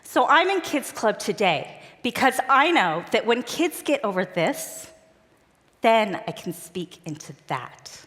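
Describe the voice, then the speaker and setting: Her voice is a little high and a bit bright, very animated yet taken slowly, as she tells personal stories at a church event. The talk is earnest and conversational, delivered on a church auditorium stage. A large church hall's long reverb surrounds it.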